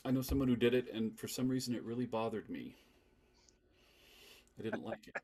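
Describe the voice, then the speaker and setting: A man hosting a podcast in a casual group chat, playful and quick to laugh, putting questions to the group. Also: mid-range voice, a little mellow, a little hiss or hum. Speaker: podcast host.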